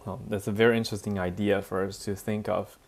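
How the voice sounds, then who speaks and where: A man teaching a class, telling anecdotes in an animated way and mixing in English. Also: on the low side, fast. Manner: animated storytelling, switching between languages, frequent laughs and fillers. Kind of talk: bilingual classroom lecture with anecdotes.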